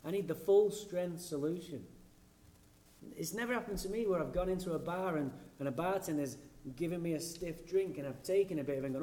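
A man's voice: fairly high pitch, a little fast, warm tone. A man from England with an English accent, giving a blunt, profane and self-mocking personal talk at a recovery meeting.

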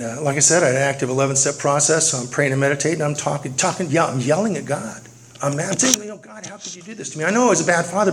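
A middle-aged man speaking at a recovery meeting, telling his story earnestly and repeating key phrases for weight. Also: a little high. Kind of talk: personal recovery testimony. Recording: noisy recording with clicks.

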